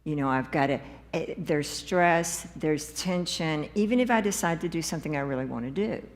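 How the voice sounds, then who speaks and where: Low-voiced woman in a reverberant church. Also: normal speed. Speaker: congregation member sharing. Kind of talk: personal testimony. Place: church sanctuary.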